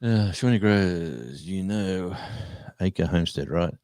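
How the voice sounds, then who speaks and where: Man, very deep, mellow, dry close sound, rambling casual chat. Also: takes it slowly, dry recording. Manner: rambling storyteller, chatty and animated. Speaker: live stream host.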